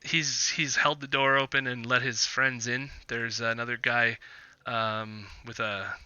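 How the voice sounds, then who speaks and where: Man, game master, tabletop narration, bright, dry close sound. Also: mid-range voice, flat delivery, clear, resonant tone, no room sound, lo-fi sound. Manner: halting, many fillers.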